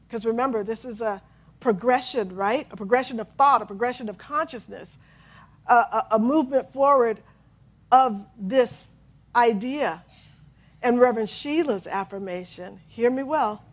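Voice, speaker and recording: A middle-aged woman preaching a sermon with a slightly high, expressive voice. She leads her listeners through repeated affirmations in a call-and-response style and breaks into laughter often. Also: moderate pace. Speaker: minister.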